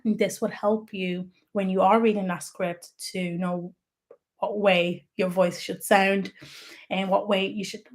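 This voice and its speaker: A woman's voice: mid-range voice, a little mellow. A woman who works as a YouTube strategist, giving tips in a chatty, explanatory livestream talk and stressing key words as she goes.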